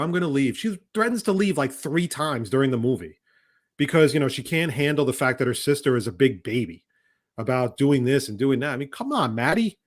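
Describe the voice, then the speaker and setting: A man co-hosting a podcast in casual chat, ranting heatedly with profanity and exasperation. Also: mid-range voice. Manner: often mimics other people's voices. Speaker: podcast co-host.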